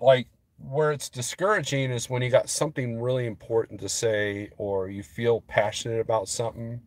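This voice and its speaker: A man's voice: medium pitch, no echo. A man vlogging as a trucker, rambling casually to his viewers and getting worked up as he talks. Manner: rambling, restarts often, gets heated.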